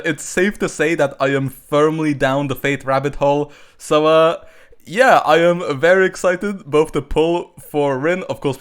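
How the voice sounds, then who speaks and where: A male gaming YouTuber chats loosely through his summons, in a voice of middling pitch. He rambles with plenty of fillers and rushes of excitement. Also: smooth. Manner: chatty and rambling, many fillers, bursts of excitement. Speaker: gacha game YouTuber. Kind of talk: casual commentary while pulling on a game banner.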